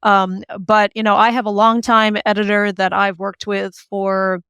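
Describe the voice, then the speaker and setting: A woman author as an interview guest, talking in an animated, chatty way with many fillers and restarts. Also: medium pitch, measured pace, clean tone, dry recording. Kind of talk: conversational interview.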